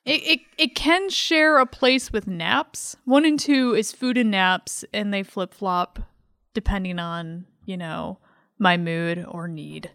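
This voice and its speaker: A woman's voice: mid-range voice, takes it slowly, a bit bright, dry recording. A woman chatting as a podcast guest in a playful, giggly, self-deprecating way, recorded on a studio mic in a small studio. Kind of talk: casual podcast chat.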